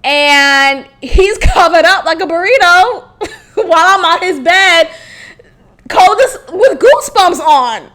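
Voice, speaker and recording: A woman's voice: very high-pitched, expressive, takes it slowly, fairly bright tone. A young woman hosting a podcast, telling a candid story in a blunt, profane way and laughing often. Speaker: podcast host.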